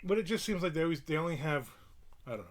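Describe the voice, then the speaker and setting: A man's voice: fairly high pitch, lively intonation, racing. A middle-aged man hosting a livestream, giving a casual rant in a blunt, profane and opinionated way. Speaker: livestream host.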